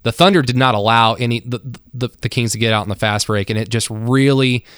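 A man's voice: mid-range voice, fairly quick, a bit bright, smooth, dry recording, studio quality. A man co-hosting a basketball podcast, talking through a game in a rambling, enthusiastic way with frequent restarts. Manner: rambling, self-correcting, enthusiastic. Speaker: sports podcast co-host. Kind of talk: casual basketball analysis chat.

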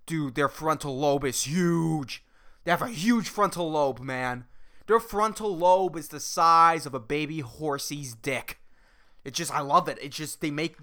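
A man's voice: fairly high pitch, sharp tone. A man hosting a solo comedy podcast, rambling, swearing constantly and joking as he goes. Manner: rambling, profane, jokey. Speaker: podcast host.

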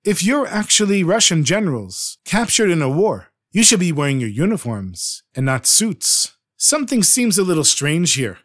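A man's voice: on the high side, very animated, normal speed, hardly any pauses, fairly bright tone. A man playing a suspicious border officer. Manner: polite but probing.

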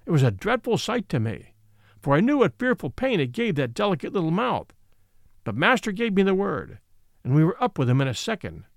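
A man's voice: high voice, very animated, fairly quick, gravelly, dry recording, clean studio sound. A man reading a classic novel aloud, giving its characters their own voices. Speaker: audiobook narrator. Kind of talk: scripted storybook narration.

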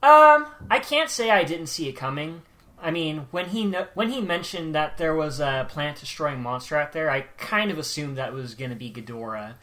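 A man's voice: fairly high pitch, lively intonation, normal speed, bright, forceful tone. A man co-hosting a casual movie review podcast, answering in a laid-back way. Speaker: podcast co-host.

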